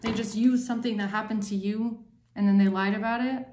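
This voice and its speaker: A woman's voice: mid-range voice, steady tone, brisk, reverberant, background noise. A woman doing a tarot reading for her viewers, angry and emphatic, swearing often. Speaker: tarot reader.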